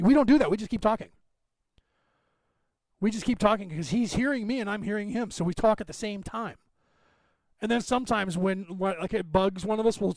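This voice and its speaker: A man hosting a podcast, talking quickly in a rambling, digressive monologue. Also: sits high, dry recording. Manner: rapid, talkative, digressive. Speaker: podcast host.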